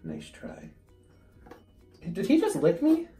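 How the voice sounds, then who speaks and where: A man's voice: sits high, wildly swooping pitch, takes it slowly, dark tone, reverberant, faint music behind. A young man chatting casually in a vlog, giggly and prone to yelps, recorded in a home bathroom. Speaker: vlogger.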